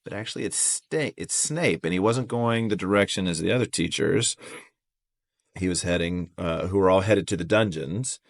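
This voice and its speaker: A man co-hosting a podcast, calmly retelling a chapter's events in casual chat. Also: low-pitched, moderate pace, creaky, dry recording, studio quality. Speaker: podcast co-host.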